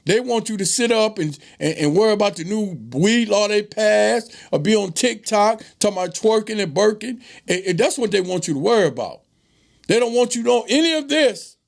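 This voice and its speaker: Animated gravelly man teaching history. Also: high-pitched, brisk. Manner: preachy, animated, repeats phrases. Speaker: host. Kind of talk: informal history lesson to viewers.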